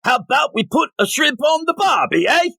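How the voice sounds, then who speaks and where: A man doing a shouted, cartoonish impression of a brash male Australian villain, in a mock Australian accent. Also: very high-pitched, big pitch swings, a little fast, vocal fry, no echo, clean studio sound, voice pushed up, full character voice.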